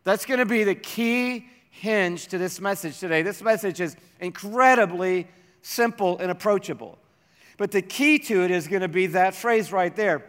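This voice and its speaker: A man preaching a sermon as a pastor, slowing down and dropping almost to a hush to stress his points. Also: sits high. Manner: slows down and drops to near-whispers for emphasis. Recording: reverberant hall.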